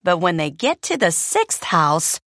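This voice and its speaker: A woman reading a children's storybook aloud in an expressive way. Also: on the low side, unhurried, no room sound, clean studio sound. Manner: lively, expressive. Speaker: storybook reader.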